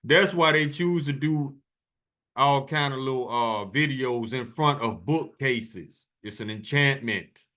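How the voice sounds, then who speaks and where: A man's voice: mid-range voice, slow, sharp tone. A man hosting his channel, giving a preachy commentary over video clips in a casual, emphatic way and hammering on key words. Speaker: channel host.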